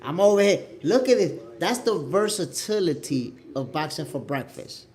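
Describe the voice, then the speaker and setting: Animated New York man on a livestream. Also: a little high, normal speed. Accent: New York City. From New York City. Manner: animated, repeats himself, talks straight to viewers. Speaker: boxing show host. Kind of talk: casual livestream chat. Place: home, at the Dominican Republic.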